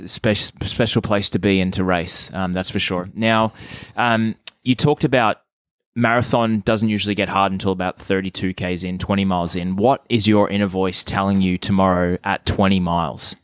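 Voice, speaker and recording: A man's voice: sits low, steady tone, normal speed, smooth, no echo. A man interviewing in a casual chat, easygoing and hesitant with fillers.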